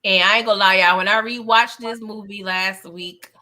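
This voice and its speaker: Animated woman hosting a movie review. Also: medium pitch, normal speed. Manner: animated, emphatic storyteller who acts out the characters' lines; laughs often between lines. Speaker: channel host. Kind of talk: live movie review chat.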